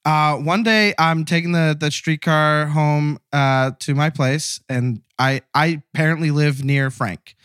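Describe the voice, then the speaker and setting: Man in his thirties, caller, chatty storyteller, slightly high voice, very dry. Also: measured pace, few pauses, clean tone, no echo. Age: 30s. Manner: animated, laughing, acts out coworkers' lines. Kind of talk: casual storytelling.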